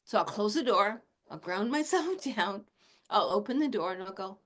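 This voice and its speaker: A woman's voice: medium pitch, animated, normal speed. Chuckling woman in her sixties teaching. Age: 60s. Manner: gentle, chuckles often while talking. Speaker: shamanic teacher and animal communicator. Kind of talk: casual spoken teaching.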